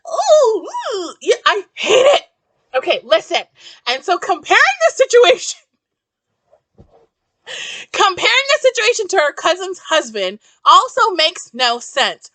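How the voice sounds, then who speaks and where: Young woman, book vlogger, ranting and swearing with a bright, swooping voice. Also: very high-pitched. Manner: animated, profane, exasperated ranting. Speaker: book reviewer. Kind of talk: ranty casual book review.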